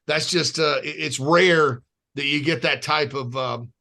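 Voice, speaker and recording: A man's voice: a little high, unhurried, bright, forceful tone. A man from the American South, hosting a podcast and chatting casually in long, rambling sentences. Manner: rambling, with many restarts and fillers. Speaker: podcast host.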